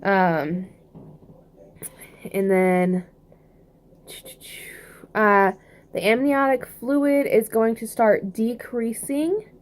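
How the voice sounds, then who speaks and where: A woman's voice: a little high, very slow, long pauses. A young woman with a Southern US accent, chatting casually in a rambling vlog update, full of fillers and restarts. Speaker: vlogger.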